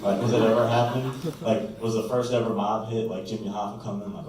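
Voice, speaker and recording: A man's voice: on the low side, flat delivery, a little fast. Young male comic, self-mocking rambler; recorded from afar in a very echoey room. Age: young adult. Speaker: stand-up comedian. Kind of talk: stand-up set. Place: college comedy club room. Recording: echoey room from a distance, noisy.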